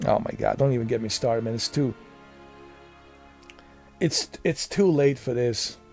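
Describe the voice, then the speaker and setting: A man's voice: mid-range voice, a little slow, darkish tone, faint music behind. A man streaming late at night, chatting in a laid-back, rambling way close to his mic. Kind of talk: casual chat.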